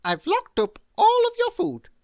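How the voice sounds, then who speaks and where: A woman voicing a bossy, commanding woman in a storybook, loud and high-pitched. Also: wildly swooping pitch, measured pace, vocal fry, no room sound, dull audio, exaggerated voice.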